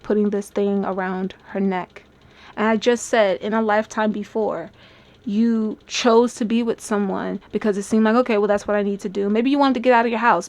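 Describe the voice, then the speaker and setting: A woman's voice: fairly high pitch, darkish tone. A woman giving a tarot love reading in a chatty, musing way, often laughing and acting out people's thoughts. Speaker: tarot reader. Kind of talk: channeled tarot reading to camera.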